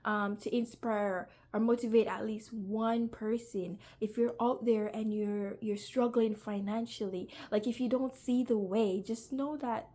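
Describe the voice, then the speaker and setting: A young woman talks straight to her viewers about how her faith carried her through hard years. Her voice sits a little high and stays close to tears, and she speaks earnestly and loosely, with plenty of fillers and restarts. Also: steady tone, measured pace, hardly any pauses, mellow. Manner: earnest, talkative, uses many fillers, grows emotional. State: near tears. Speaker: vlogger sharing a faith testimony. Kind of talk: casual personal testimony.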